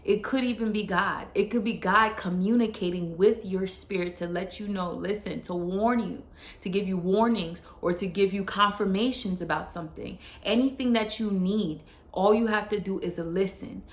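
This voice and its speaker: A woman's voice: mid-range voice, moderate pace. A woman vlogger giving earnest, casual life advice straight to the viewer, often repeating and restarting her phrases and dropping in slang. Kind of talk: casual motivational talk to camera. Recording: roomy echo.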